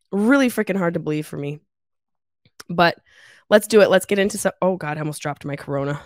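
Speaking at a slightly quick clip in a fairly low voice, a thirtysomething woman chats casually on her solo podcast while congested from a cold. She's at her mom's place using a travel mic without a pop filter, and she's lively and profane, cracking jokes and laughing through her stories. The sound is clean and studio-grade, with no room tone.

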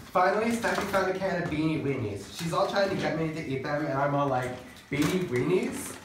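A man playing a sassy, churchgoing teenage girl with a drawling valley-girl manner and deadpan asides. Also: a little high, brisk, lightly acted. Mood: disgusted. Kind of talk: comedy skit acting. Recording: echoey room, far from mic, faint noise.

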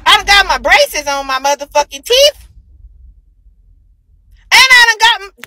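A woman's voice: very high-pitched, animated, measured pace, pauses often, pushed and bright, poor audio. A woman on a phone livestream, ranting heatedly and profanely, repeating herself for emphasis. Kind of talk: angry livestream rant.

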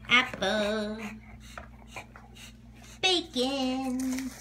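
A woman with a high, gravelly voice coaxes her dog. Her pitch leaps around wildly as she talks in a playful, animated way. She speaks slowly and unhurriedly. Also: background noise. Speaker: home cooking video host. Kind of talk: casual talk to her pet.

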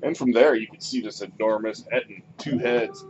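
A man narrating as game master of a tabletop game, in a lively, animated way. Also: mid-range voice, moderate pace. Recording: muffled lo-fi recording, background noise.

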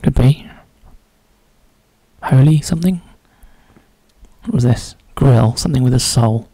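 Gravelly man musing over puzzle clues. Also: medium pitch, fairly even intonation, moderate pace, dark tone, no room sound, low-quality recording. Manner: musing, muttering clues half to himself. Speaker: crossword solver. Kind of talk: thinking aloud while solving a puzzle.

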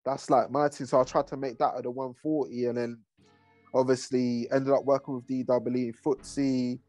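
A man's voice: medium pitch, little pitch movement, normal speed, mellow, no room sound, faint music behind. A man, a rapper and producer talking casually in an interview, laid-back and full of slang. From England. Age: 30s. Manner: laid-back, heavy slang, rambling asides.

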